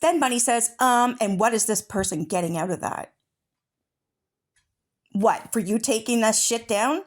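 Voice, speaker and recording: A woman's voice: a little high, unhurried. A woman hosting an online commentary channel, reading chat messages aloud and cutting in with angry, profane outbursts. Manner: furious, profane, confrontational. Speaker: true-crime commentary channel host.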